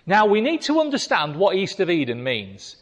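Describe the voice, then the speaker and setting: Male preacher, emphatic sermon, pitch swinging widely, long reverberant echo. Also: huge pitch swings, moderate pace. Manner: emphatic, repeating key phrases.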